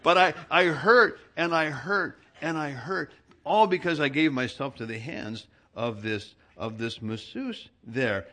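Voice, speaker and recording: Bright-voiced storytelling male pastor. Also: on the high side. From Southern California. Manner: storytelling, animated, laughs while telling. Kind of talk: sermon with personal anecdote.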